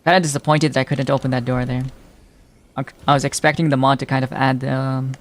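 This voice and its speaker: A man's voice: mid-range voice, flat delivery, brisk, a little hiss or hum. A man streaming a game, chatting casually, teasing his viewers and laughing often as he reacts to chat. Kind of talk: casual live-stream chat while playing.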